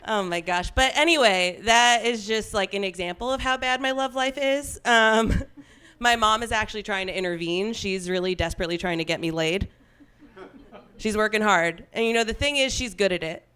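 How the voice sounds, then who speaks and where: A woman's voice: medium pitch, normal speed, a bit bright, smooth. A young woman from Long Island doing a stand-up comedy set on stage, chatty and self-deprecating, laughing at her own jokes.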